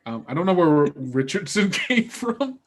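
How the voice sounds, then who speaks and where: A man's voice: fairly high pitch, big pitch swings, a little slow. A man playing a tabletop game, describing his actions hesitantly with frequent laughs. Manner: hesitant, giggly. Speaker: player. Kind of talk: tabletop role-play.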